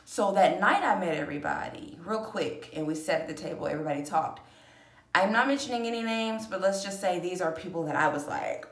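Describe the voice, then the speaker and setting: A woman's voice: on the low side, animated, moderate pace, a bit bright. A woman vlogger telling a personal story in a casual, rambling, emotional way, acting out the voices she quotes. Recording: echoey room.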